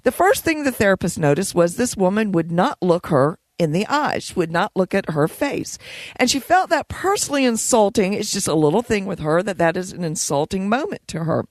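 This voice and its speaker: A woman co-hosting a podcast about running a spa, telling workplace stories in a lively way and laughing often. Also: mid-range voice, moderate pace, dry recording. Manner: animated storyteller, laughs often. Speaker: podcast co-host, spa owner. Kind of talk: casual podcast chat.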